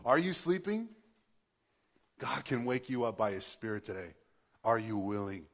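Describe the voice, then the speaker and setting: A man's voice: medium pitch, big pitch swings, normal speed, pauses often, fairly bright tone. A male pastor preaching a sermon in a conversational, passionate way, building to emphatic bursts.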